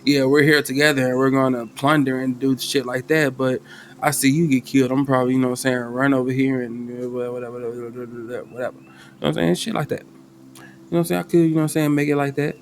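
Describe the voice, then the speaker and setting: A man running a solo tabletop game as game master, talking loosely in slang and thinking out loud. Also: medium pitch, little pitch movement, fast talker, gravelly, a little hiss or hum. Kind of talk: casual tabletop game narration.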